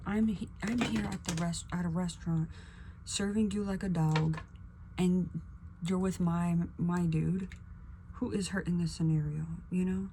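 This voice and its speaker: A young woman vlogger chatting casually while getting ready, acting out quotes with sudden whispers and high bursts. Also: steady tone, unhurried, dark tone, a little hiss or hum. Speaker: beauty vlogger.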